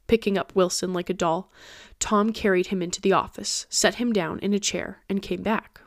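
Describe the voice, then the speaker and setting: Woman, audiobook narration, steady reading, mid pitch, dry close sound. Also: fairly quick, hardly any pauses, dry recording. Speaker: podcast host and reader.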